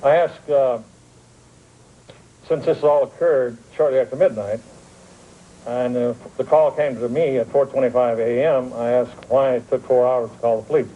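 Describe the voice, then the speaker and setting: A man's voice: medium pitch, steady tone, normal speed, warm tone, muffled recording. An older man, a retired police officer, giving a plain, matter-of-fact account in an interview. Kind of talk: interview testimony.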